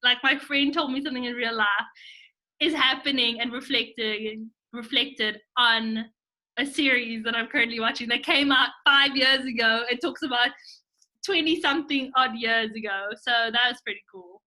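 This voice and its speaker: A woman's voice: on the high side, normal speed, bright, forceful tone. A young woman co-hosting a podcast, chatting casually, emphatic and opinionated with lots of "like". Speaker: podcast co-host. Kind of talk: casual chat.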